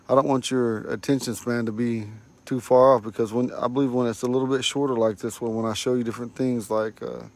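A man teaching a casual online language lesson, recorded on a phone at home, saying each word slowly and repeating it for learners. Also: mid-range voice. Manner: slow, repeats words for learners.

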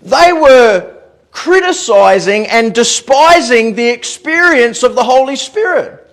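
A male pastor delivers a sermon in a church with a noticeably high voice. He talks in an animated way, repeats words as he gathers his thoughts, and chuckles through his own anecdotes. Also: slow pace. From Australia.

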